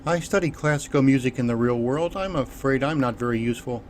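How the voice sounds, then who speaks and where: A man's voice: mid-range voice, fast, slight background noise, natural voice. A man voicing a young woman refugee musician with a mild Russian accent, speaking in a subdued, modest way. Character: young female refugee musician, soft-spoken and sad.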